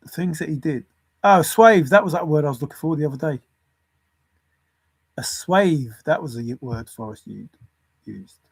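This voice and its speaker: A man's voice: on the high side, animated, normal speed, gravelly, pauses often, slightly rough, no room sound. A man rambling alone through lists of words and clues, chuckling to himself as he thinks aloud. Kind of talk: rambling solo puzzle musing.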